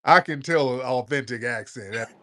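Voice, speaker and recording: A man's voice: medium pitch, moderate pace, sharp tone. A man hosting a late-night call-in audio chat, talking in a loose, joking, blunt and slangy way. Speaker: host of a live audio chat room.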